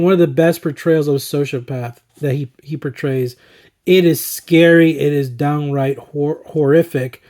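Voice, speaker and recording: A slightly hoarse man talking enthusiastically through his favorite movies, rambling with fillers and chuckles. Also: on the high side, mellow. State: slightly hoarse, throat recovering. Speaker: movie collector and vlogger. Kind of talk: casual movie-ranking commentary.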